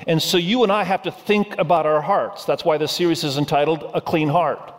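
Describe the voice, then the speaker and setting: Male pastor, middle-aged, storytelling sermon, slightly high voice, long hall reverb. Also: fairly even intonation, a little fast. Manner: storytelling with humor, asks the audience questions.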